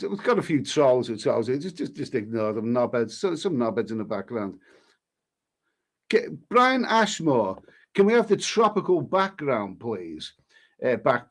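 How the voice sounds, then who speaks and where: Cheeky man reading live chat. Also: on the high side. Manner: jokey, cheeky banter with frequent restarts. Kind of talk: casual live-stream chat.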